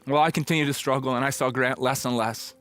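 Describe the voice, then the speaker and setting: A middle-aged pastor telling a personal story in a conversational, reflective sermon, now and then acting out old conversations. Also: male voice, mid-range voice, steady tone, quick pace, fairly bright tone, soft background music.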